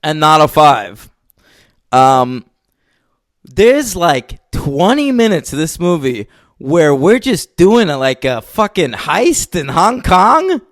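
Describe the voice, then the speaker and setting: A man co-hosting a film podcast in casual chat, excitable and swearing, teasing his co-host. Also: a little high, slow, dry recording, clean studio sound.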